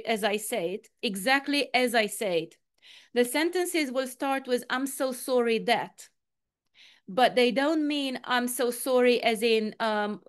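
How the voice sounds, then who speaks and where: A woman coach leading a guided meditation over a video call, with calm, repetitive, step-by-step instructions. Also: a little high. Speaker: quantum coach and healer, guest speaker. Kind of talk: guided meditation in an online talk.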